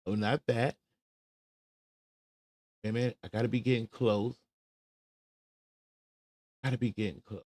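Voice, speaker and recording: A man's voice: mid-range voice, fairly even intonation, measured pace, long pauses, a little mellow, dry recording, studio quality. A man hosting a casual livestream commentary show, chattily talking himself through searching for a clip. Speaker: show host.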